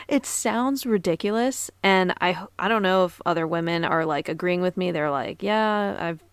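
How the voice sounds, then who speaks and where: A woman's voice: on the low side, normal speed, smooth, no room sound. A woman in her twenties hosting a podcast, telling personal stories in a blunt, profane, laughing way. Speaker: podcast host. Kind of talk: casual storytelling podcast.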